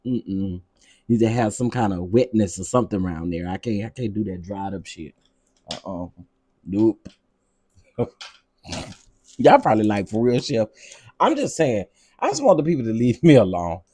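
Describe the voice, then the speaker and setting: A man's voice: on the low side, moderate pace, long pauses, breathy edge. Exasperated man ranting on his vlog. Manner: animated, repetitive, exasperated. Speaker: vlog host.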